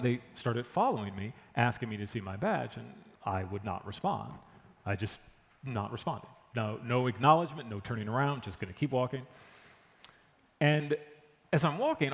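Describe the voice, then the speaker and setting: Guy in an interview retelling stuff animatedly, mid pitch, lots of hall reverb. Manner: animated retelling, acts out what others said. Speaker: guest, engineering director. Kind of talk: conversational interview storytelling.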